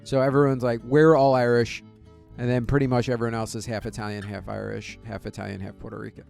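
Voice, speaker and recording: A man's voice: on the low side, flat delivery, fast talker, creaky, a little mellow. Easygoing young man joking. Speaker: podcast participant. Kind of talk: casual comedy chat. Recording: faint music underneath.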